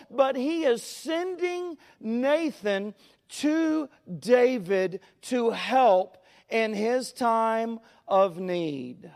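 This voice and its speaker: High-pitched preacher man, folksy sermon. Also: big-room sound. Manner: folksy, tells stories, stretches key words.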